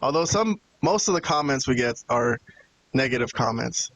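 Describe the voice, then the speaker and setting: A man's voice: mid-range voice, lively intonation, normal speed, fairly bright tone, slight background noise, low-quality recording. A man hosting a wrestling podcast, chatting casually, rambling and swearing as he vents to his co-hosts. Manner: rambling and profane, venting to co-hosts. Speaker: podcast host. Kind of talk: casual chat.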